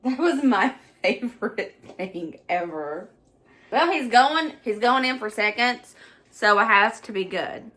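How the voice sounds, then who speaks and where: A woman's voice: on the high side, animated, slow pace, sharp tone. A middle-aged woman with a Southern US accent, chatting nostalgically through a casual home cooking vlog and laughing often. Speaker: cooking vlogger.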